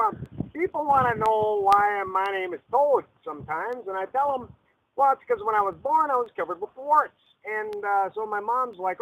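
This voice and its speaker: A man hosting an ad-libbed mock fishing show outdoors by a river, rambling in a deadpan way with lots of fillers. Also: very high-pitched, moderate pace, creaky. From Texas. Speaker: comedy fishing show host. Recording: lo-fi camcorder audio outdoors.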